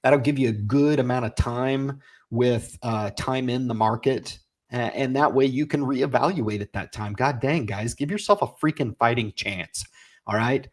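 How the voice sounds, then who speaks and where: A man in his forties hosting a casual livestream, reading viewer comments and urging them on in an energetic, folksy way. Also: medium pitch, moderate pace. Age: 40s. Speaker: livestream host.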